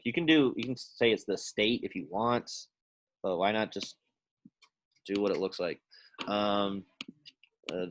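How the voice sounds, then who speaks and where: A man's voice: lowish voice, noisy background. Casual man teaching a classroom lesson. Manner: casual, quizzing students by name and thinking aloud. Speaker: Latin teacher.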